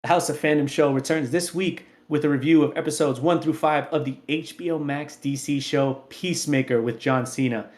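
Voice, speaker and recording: A man's voice: fairly high pitch, steady tone, brisk, hardly any pauses, a little mellow. A man hosting a sports podcast, chatting casually and reading promos for the show in a playful, upbeat way. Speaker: podcast host.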